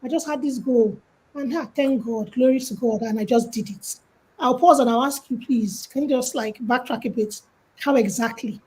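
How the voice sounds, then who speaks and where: A slightly high female voice comes through poor audio with a bit of hiss or hum, moving at a moderate speed. The Nigerian guest speaker dispenses casual life and financial advice by phone, animating her anecdotes with acted-out quotes.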